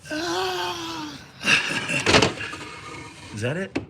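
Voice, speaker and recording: A man chatting casually with viewers on a livestream, animated and joking, swearing and laughing often. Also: extremely high pitch, drawn-out words, vocal fry, very noisy. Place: outdoors in a backyard.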